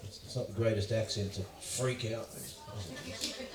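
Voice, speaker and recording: A man's voice: lowish voice, steady tone, normal speed, a crowd in the background. A man with an Australian accent doing a stand-up routine, telling stories in a profane, ranting way and mimicking voices. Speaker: stand-up comedian. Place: live comedy venue. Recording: echoey room, from far off.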